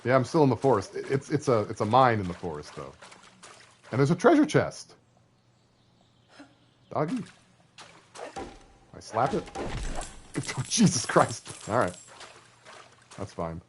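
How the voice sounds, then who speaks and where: A man's voice: mid-range voice, big pitch swings, unhurried, pauses often, slight background noise. A man streaming a video game, rambling and joking to his viewers as he plays. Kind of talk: casual gaming commentary.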